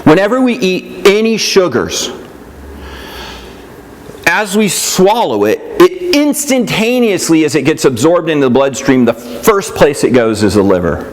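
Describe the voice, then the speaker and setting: A man's voice: fairly high pitch, very animated, a little slow. A man teaching a nutrition class in a casual, conversational way, often checking in with "right?" and "yeah?" and acting out what other people say. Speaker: nutrition instructor.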